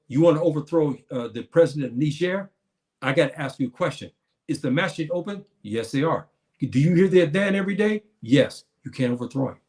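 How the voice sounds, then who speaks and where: A man's voice: on the high side, darkish tone. A man giving an earnest spoken religious lecture, addressing his listeners as brothers and sisters, often restarting his phrases. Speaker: Muslim preacher.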